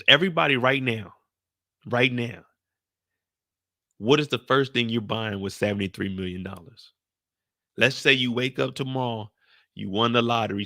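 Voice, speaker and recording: A man hosting a live after-show, talking in a loose, profane, animated way. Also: normal speed, vocal fry. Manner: animated, profane, swings into high exclaiming bursts. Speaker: show recap host.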